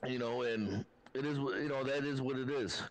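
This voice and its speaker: A man co-hosting a sports podcast, talking things through calmly with fillers and restarts. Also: medium pitch, normal speed, poor audio. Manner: calm, reasoning, many fillers and restarts. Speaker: podcast co-host.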